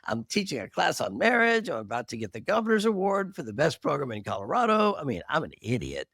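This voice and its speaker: A man's voice: a little high, fast, vocal fry, no echo, studio quality. A middle-aged man, a marriage therapist, telling his story candidly and earnestly in an interview, with self-deprecating humor. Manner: animated, earnest testimony with self-deprecating laughs.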